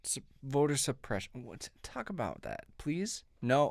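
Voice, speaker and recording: A man reacting to political clips with scornful sarcasm and the odd curse. His voice is gravelly and smooth, swooping up and down as he talks slowly. It sounds close and dry. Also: mid-range voice, wildly swooping pitch, no echo. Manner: mocking, indignant, profane. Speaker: political commentator. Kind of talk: sarcastic video commentary.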